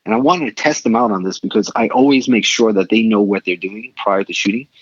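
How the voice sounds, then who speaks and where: A middle-aged man with a low, husky voice tells a story in animated bursts. The recording is dry and dull, with no room sound and a muffled top end. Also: dry recording. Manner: animated, quick bursts of excited retelling. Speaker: podcast guest. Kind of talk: casual storytelling.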